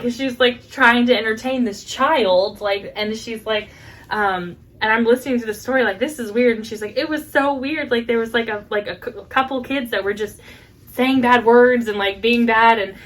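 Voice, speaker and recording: A woman in her thirties co-hosting a podcast, telling a story in a lively chat and acting out the voices of the people in it. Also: a little high, normal speed. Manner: animated storyteller, acts out quotes with laughs. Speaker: podcast co-host. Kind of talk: casual chat.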